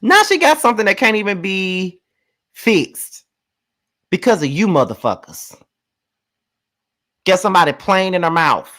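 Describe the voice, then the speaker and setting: A live review host from Mississippi with a Southern accent, talking bluntly with lots of swearing and drawn-out words. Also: medium pitch, sing-song, a bit bright. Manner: blunt, profane, drawls words. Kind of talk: casual live commentary.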